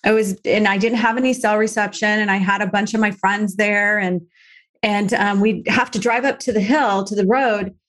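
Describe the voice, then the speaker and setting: A woman's voice: mid-range voice, normal speed. A woman being interviewed as a reality TV guest, telling her story candidly and emotionally and often acting out what others said. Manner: candid, emotional, quotes others in lively voices.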